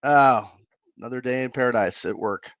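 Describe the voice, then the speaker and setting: A man's voice: medium pitch, moderate pace, fairly bright tone, no room sound, dull audio. Laid-back man on a call. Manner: laid-back, filler-heavy. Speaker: co-host. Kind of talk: casual podcast chat. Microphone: video call.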